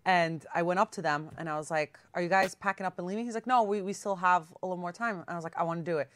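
A woman's voice: lowish voice, racing, no room sound. Casual woman, dry close sound. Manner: animated storyteller who acts out quotes and swears casually. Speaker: podcast co-host. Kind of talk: casual chat.

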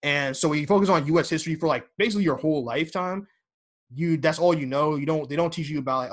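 A young man hosts a casual podcast, his voice sitting a little high for a man. He talks in long rambling stretches, full of fillers and restarts. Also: quick pace. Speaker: podcast host.

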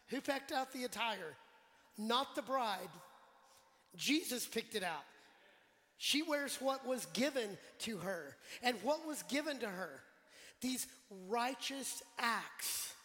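A male pastor preaching a sermon in a relaxed, conversational way, putting questions to the congregation and joking with them. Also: very high voice. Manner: conversational, quizzes the congregation, jokes. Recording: long church hall reverb.

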